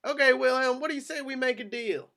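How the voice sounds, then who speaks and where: A man's voice: very high voice, fast talker, vocal fry, pushed and bright, heavily acted. A man reading the part of a brash American officer in an amateur script reading, drawling and coaxing.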